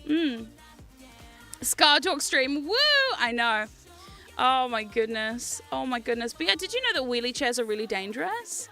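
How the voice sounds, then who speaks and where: A woman in her thirties chats on her livestream in a high, sharply bright voice. She rambles through stories with frequent giggles and answers chat aloud, with faint music playing behind her. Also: animated, a little slow. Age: 30s. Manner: chatty, giggly storytelling, reads chat aloud. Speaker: livestream host.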